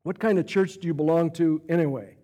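A man voicing a gruff, blunt middle-aged diner owner. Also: on the high side, a little fast, dark tone, close to an everyday voice.

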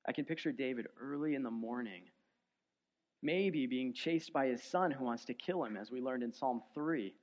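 A man preaching a sermon as pastor, earnest, moving from soft, low passages to loud, emphatic ones. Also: moderate pace. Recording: dull lo-fi sound.

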